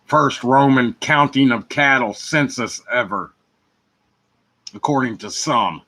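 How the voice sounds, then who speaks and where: Alone on his show, the host drifts through a free-associating ramble laced with rhymes, alternating between muttering and loud outbursts. He speaks slowly in a mid-range voice, and the recording is rough.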